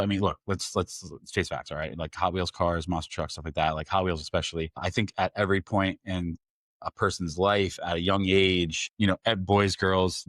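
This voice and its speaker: A man's voice: low-pitched, no echo, clean studio sound. A man in his forties co-hosting a podcast, chatting casually with lots of filler words. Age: 40s. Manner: relaxed, chatty, plenty of "like" fillers. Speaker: podcast co-host. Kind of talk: casual chat.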